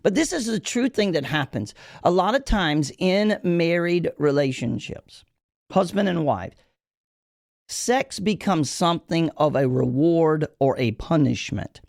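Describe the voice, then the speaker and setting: A man preaching as a podcast host and pastor, emphatic and folksy, repeating his key lines slowly so they sink in. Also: on the high side, animated, gravelly, darkish tone, dry recording, clean studio sound. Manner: folksy, addresses listeners as y'all. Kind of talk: preaching-style podcast talk.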